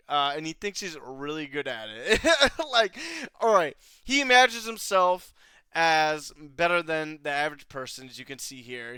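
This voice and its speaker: A man's voice: on the high side, pushed and bright, smooth, dry recording. A young man casually recapping an anime episode, rambling with lots of fillers, swearing and laughing. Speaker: anime reviewer.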